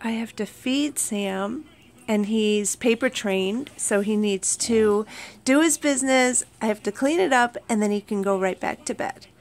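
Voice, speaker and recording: A woman at home in the morning, talking unhurriedly to her pets and her viewers, cooing to the animals in a soft, doting voice. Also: fairly high pitch, measured pace. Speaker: pet owner vlogger. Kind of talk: casual talk to pets and viewers. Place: at home indoors, early morning.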